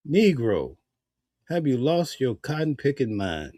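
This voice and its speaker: A man's voice: medium pitch, big pitch swings, measured pace, a little mellow, no echo, studio quality. A man giving casual spoken commentary in a heated, preachy way, full of rhetorical questions. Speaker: vlogger.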